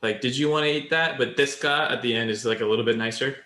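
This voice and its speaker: A man co-hosts a podcast in relaxed casual chat, explaining Japanese by stacking one example after another. His voice sits at a middling pitch. The room around him gives it a roomy echo. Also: quick pace. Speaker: podcast co-host.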